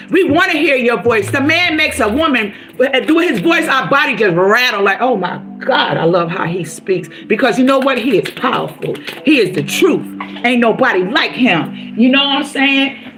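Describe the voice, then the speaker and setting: A woman's voice: sits high, sharp tone. A woman giving casual motivational talk to her viewers, preachy and encouraging, repeating herself often. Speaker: motivational vlogger.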